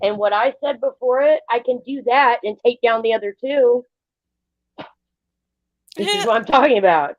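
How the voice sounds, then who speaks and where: A woman's voice: fairly high pitch, animated, normal speed, pauses often, no room sound. A woman co-hosting a livestream in casual chat, blunt and opinionated, talking at length. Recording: dull lo-fi stream audio.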